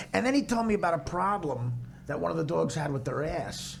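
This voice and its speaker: A man hosting a comedy podcast, teasing his guests in loud, joking banter. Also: fairly high pitch, expressive, fairly quick, gravelly, few pauses, crowd noise. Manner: loud, teasing, bursts into shouts and laughter. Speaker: podcast host.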